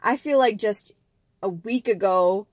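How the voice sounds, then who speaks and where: A woman's voice: medium pitch, unhurried, dry recording. A young woman hosting a casual vlog, talking to camera in a chatty, rambling way and sounding a little nasal from a cold. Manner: chatty, rambling, with fillers and restarts. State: slightly nasal, getting over a cold. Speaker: vlog host.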